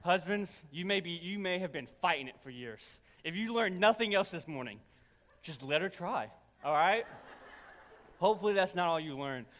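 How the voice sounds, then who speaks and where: A young man preaching a sermon, telling personal stories in an animated, self-deprecating way to his congregation. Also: high-pitched, moderate pace. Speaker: pastor. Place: large church auditorium. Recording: church hall with long reverb.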